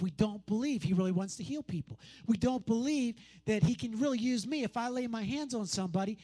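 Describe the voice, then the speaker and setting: Emphatic male preacher, repetitive and conversational. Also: very high voice. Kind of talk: sermon.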